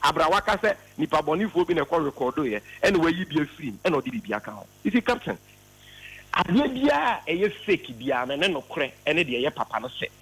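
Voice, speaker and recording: Impassioned high-voiced Ghanaian man, raspy. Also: big pitch swings, quick pace, fairly bright tone, poor audio. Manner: emphatic, repeats words for stress. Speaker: party spokesman on a radio phone-in. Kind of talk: impassioned political argument.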